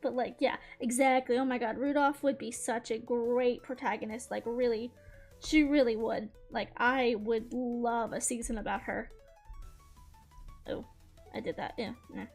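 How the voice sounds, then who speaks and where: A woman with a high voice chats casually as she draws on stream. She gushes like an excited fan, laughs often and swears freely, with faint music playing underneath. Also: unhurried. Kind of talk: casual chat while drawing.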